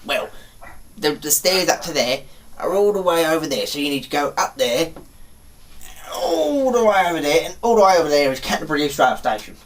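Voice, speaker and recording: Man putting on a helpful passerby, unhurried, pointing out the way. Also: a little high, sing-song, distant mic.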